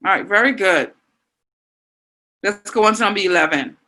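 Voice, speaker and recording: A woman's voice: medium pitch, normal speed, sharp tone, poor audio. Encouraging Bahamian woman teaching online. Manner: encouraging, reads out student answers. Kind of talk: online class lesson.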